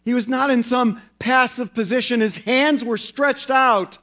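A male pastor preaching a sermon in an earnest way, slowing down and repeating phrases for emphasis. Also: very high-pitched, steady tone, pushed and bright.

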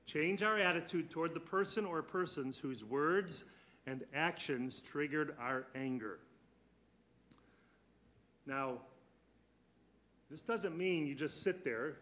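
A man teaches a church Bible class in a slightly high voice. He is earnest and keeps putting questions to his students. He slows down to press on key words. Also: fairly bright tone.

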